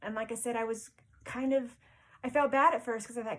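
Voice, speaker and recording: A woman's voice: fairly high pitch, fairly even intonation, a little fast, low-quality recording. A woman vlogger and spiritual medium telling a personal story to camera, earnest and heartfelt, often stumbling over repeated words.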